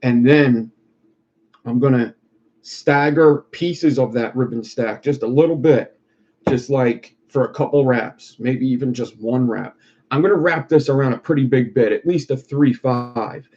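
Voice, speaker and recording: A man's voice: mid-range voice, measured pace, dark tone. A man chatting casually on a live stream while he builds, rambling and profane. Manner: rambling, profane, laid-back. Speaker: streamer making wire art. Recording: lo-fi muffled recording.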